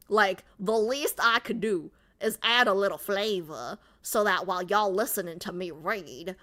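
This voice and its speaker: A woman's voice: mid-range voice, sharp tone. A woman streamer in casual livestream chat, joking and reading out and answering her chat. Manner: chatty, jokey, reads and answers chat aloud.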